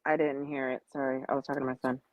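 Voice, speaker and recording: A woman's voice: rumbling low, little pitch movement, very fast, no echo, phone-quality sound. A woman co-hosting a casual commentary chat, mostly chiming in to agree and add short observations. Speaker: co-host.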